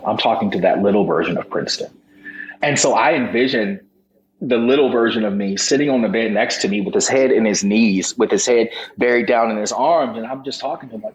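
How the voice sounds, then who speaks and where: A man talking as a podcast guest and motivational speaker, emphatic and preacher-like, with rising bursts of intensity. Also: mid-range voice. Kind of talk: impassioned motivational talk. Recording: roomy echo, faint background noise.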